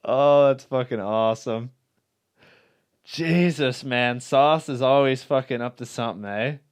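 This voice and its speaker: A man's voice: medium pitch, unhurried, clean tone. A man hosting a casual podcast, reacting to a story with laughs and swearing. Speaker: podcast host. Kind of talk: casual chat.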